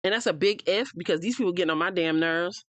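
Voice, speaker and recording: An American woman with a lowish, slightly bright voice hosts a reality TV recap at a quick pace, with no echo. Her opinionated, casual take is blunt and heated, and she swears freely while speaking straight to the cast members.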